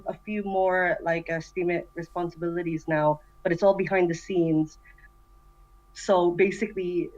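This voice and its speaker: A woman's voice: fairly low pitch, highs cut off. A woman chatting casually in an online voice meeting, enthusiastic and full of fillers. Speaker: community member introducing herself. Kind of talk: casual voice chat.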